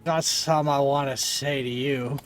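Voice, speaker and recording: A man voicing a sleepy drunk man slumped at a pub bar, speaking in slow, halting, slurred mumbles. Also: mid-range voice, steady tone, faint music behind, lightly acted. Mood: drunk mumbling.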